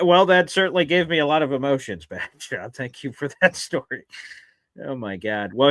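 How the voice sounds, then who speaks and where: A man's voice: mid-range voice, sharp tone, no echo. A man hosting a live sports talk stream, emotional and effusive, laughing often and reading out viewer messages. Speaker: sports talk show host.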